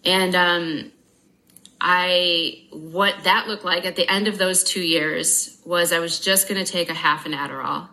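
A woman speaks as an interview guest, frank and unguarded, swearing freely. Her voice sits a touch low but comes across bright and forceful. She moves briskly through her account with dry, wry humor. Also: fairly even intonation, poor audio. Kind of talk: candid personal storytelling.

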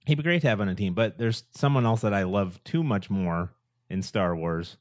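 A man co-hosting a podcast, chatting casually and in an animated way. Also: on the low side, moderate pace, no echo, studio quality. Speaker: podcast co-host. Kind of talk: casual chat.

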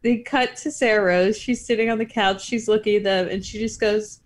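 A woman co-hosts a recap podcast with casual chat. She phrases things with wry, mock-formal care. Her voice sits at an ordinary middle pitch. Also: fairly even intonation, moderate pace. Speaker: podcast co-host.

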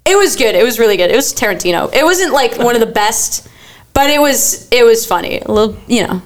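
A woman's voice: fairly high pitch, brisk. A woman co-hosting a casual movie podcast, chatty and telling stories with lots of fillers. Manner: chatty, animated storytelling, filler likes. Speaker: podcast co-host. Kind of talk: casual chat.

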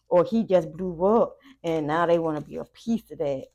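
A woman giving a casual tarot reading to her viewers, talking in a chatty, profane way with animated asides. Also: low-pitched, brisk, muffled recording. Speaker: tarot reader.

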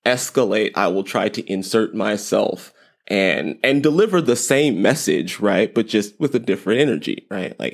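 A man's voice: lowish voice, lively intonation, moderate pace, gravelly. A man hosting a podcast, giving casual parenting advice in a rambling, repeating way with light self-deprecating humor. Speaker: podcast host.

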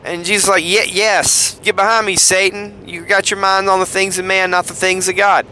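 A man's voice: high voice, flat delivery, normal speed, sharp tone. A man with a Southern US accent hosting a podcast, casually retelling Bible passages and acting out the quoted lines in voices. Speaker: podcast host.

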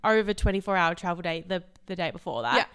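A woman's voice: fairly low pitch, expressive, fast, a bit bright, smooth. A young woman co-hosting a podcast, recounting a night out in a breezy, filler-heavy way. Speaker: podcast co-host. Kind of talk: casual chat.

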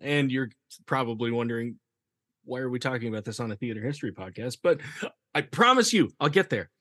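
A man's voice: medium pitch, animated, brisk, a bit bright, no room sound, clean studio sound. A man hosting a theater history podcast, chatting casually, laughing often and reading quotes aloud. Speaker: podcast host. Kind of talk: casual chat.

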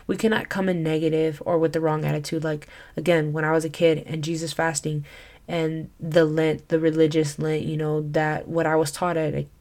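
A woman's voice: low voice, little pitch movement, normal speed, a little mellow. A young woman giving a casual Christian teaching talk as a podcast host, earnest and chatty, full of "like" and "you know.".

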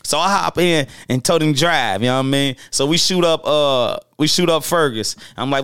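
Telling old street tales, this storyteller host talks loosely with plenty of slang and restarts, at a moderate pace with few pauses. His voice sits a bit high with gravelly fry, leaping animatedly as he voices the characters. It's recorded close and dry, with no sense of a room.

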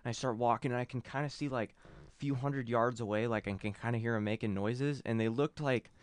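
A man's voice: medium pitch, fairly even intonation, fairly quick, smooth, dry recording. A young man in casual podcast chat, rambling through a long story with lots of cursing and filler words. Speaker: podcast co-host.

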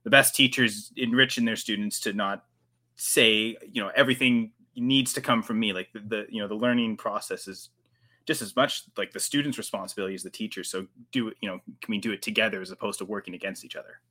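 A man's voice: on the low side, steady tone, fast, pushed and bright. A Canadian man hosting a casual livestream podcast, who rambles with restarts and fillers. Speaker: podcast host.

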